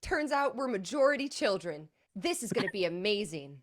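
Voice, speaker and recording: A woman's voice: medium pitch, sing-song, moderate pace. A woman playing at a tabletop game, bubbly and giggly as she introduces her character. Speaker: player.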